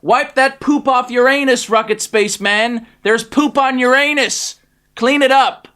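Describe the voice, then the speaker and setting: A man voicing a smooth, scheming male world president in a comic audiobook reading, talking soothingly. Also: high-pitched, animated, measured pace. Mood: rallying. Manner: soothing, smooth, then loud rallying.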